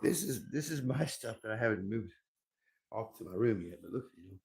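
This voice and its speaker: Gravelly, rambling man cursing freely. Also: lowish voice, lively intonation, brisk, darkish tone. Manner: rambling, profane, repeats himself. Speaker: livestreamer. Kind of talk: rambling livestream monologue. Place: at home indoors.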